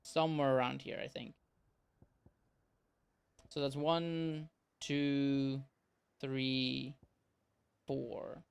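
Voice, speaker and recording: A streamer giving casual gameplay commentary, playful and teasing the enemies, now and then breaking into silly yells. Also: mid-range voice, little pitch movement, very slow, gravelly, pauses often, clear, resonant tone. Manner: playful, trash-talks enemies, bursts into silly yelling.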